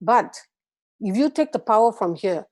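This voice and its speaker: A woman from Malaysia guiding a group through a gentle voice and breathing exercise, patient and encouraging. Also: medium pitch, expressive, measured pace. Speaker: voice and meditation instructor. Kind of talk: guided voice exercise class.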